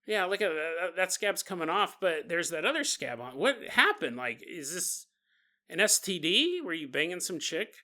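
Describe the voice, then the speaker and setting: A man's voice: sits high, big pitch swings, moderate pace, pushed and bright, full character voice. A man doing a reluctant, blunt doctor. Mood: exasperated. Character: grumbling reluctant male doctor.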